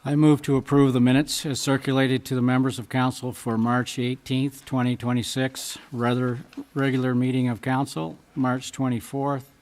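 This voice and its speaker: Man, council member, formal motion, listing dates, monotone, middle pitch. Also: normal speed, few pauses. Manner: reads dates in a list. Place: council chamber.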